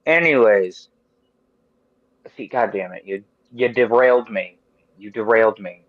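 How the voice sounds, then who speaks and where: A man in his thirties hosting a podcast, chatting casually in an animated, rambling, profane way. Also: on the low side, unhurried, no echo, narrow, tinny audio. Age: 30s. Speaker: podcast host. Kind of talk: casual chat.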